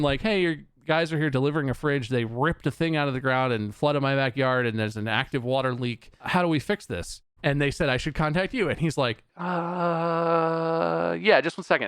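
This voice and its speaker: Guy ranting bout a bad delivery, swears a ton, smooth clear voice, dry close mic. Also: mid-range voice, fairly quick, few pauses, no room sound. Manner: exasperated, swears often, acts out both sides of phone calls. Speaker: podcast co-host. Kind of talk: casual storytelling rant.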